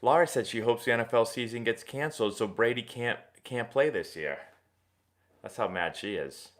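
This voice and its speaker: A young man hosting a casual live stream, answering viewer questions in a rambling, animated sports-fan way. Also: mid-range voice, moderate pace. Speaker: host of a live baseball Q&A stream.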